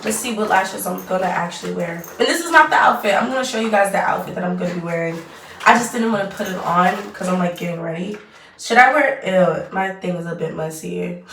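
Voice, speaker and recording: A woman in her twenties, a vlogger, chats briskly while doing her makeup, her fairly low voice a bit bright. She rambles and trails off mid-sentence in this casual get-ready-with-me clip, which carries a little hiss or hum and a roomy echo from a distant mic.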